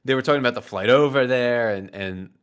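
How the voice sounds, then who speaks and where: A man's voice: medium pitch, fast, a bit bright, clear, resonant tone. A man co-hosting a show, chatting in an easygoing, agreeable way. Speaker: co-host. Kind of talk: casual chat.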